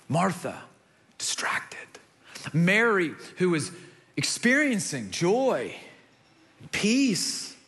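A young man preaching a sermon, telling stories in an animated way and repeating words as he builds a point. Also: on the high side. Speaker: pastor.

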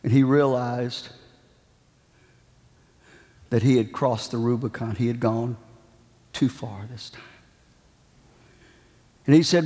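Speaking slowly with frequent pauses, this preacher has a dark, medium-pitched voice. His sermon relies on a dramatic, emphatic cadence, repeated phrases and the pacing of a storyteller, and its long reverb suggests a large hall.

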